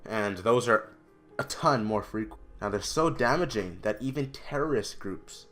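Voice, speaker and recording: A teenage boy talks through a school-project vlog in a lowish voice. He is chatty and emphatic, and he breaks off for restarts and asides. Faint music plays underneath. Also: animated, normal speed, fairly bright tone. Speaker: student presenter. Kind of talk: casual explainer vlog.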